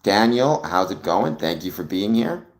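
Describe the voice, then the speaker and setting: A man's voice: deep voice, lively intonation, unhurried. A man from Canada, hosting a casual livestream, musing aloud and greeting viewers in chat with frequent ums. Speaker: livestream host.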